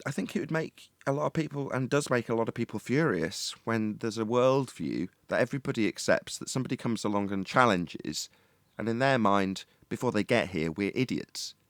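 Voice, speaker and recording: A man's voice: medium pitch, expressive, fairly quick, no echo. Argumentative man with a dry, close sound. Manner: argumentative, mocking impressions of opponents. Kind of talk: casual debate chat.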